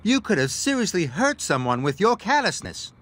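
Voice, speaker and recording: A man's voice: high voice, sing-song, moderate pace, fairly bright tone, pitched above the performer's own voice, exaggerated voice. A man voicing a stern woman in charge of a work crew, in a storybook reading. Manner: stern, scolding.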